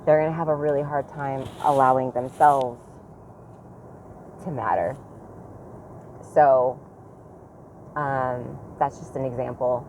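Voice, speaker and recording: Woman, 30s, casual vlog, deep voice, candid and rambling, traffic and a train behind her. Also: fairly even intonation, takes it slowly, long pauses, a little mellow, rough recording. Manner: candid, rambling, self-reflective. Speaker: parent vlogger. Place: outdoors near a train line. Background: passing train and traffic.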